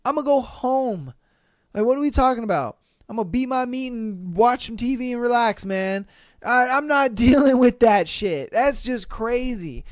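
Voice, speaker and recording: Podcast host, male, clear smooth voice, dry close sound, blunt and profane story reactions. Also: very high voice, lively intonation, normal speed, dry recording. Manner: blunt, profane, exasperated commentary. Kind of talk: reading and reacting to listener stories.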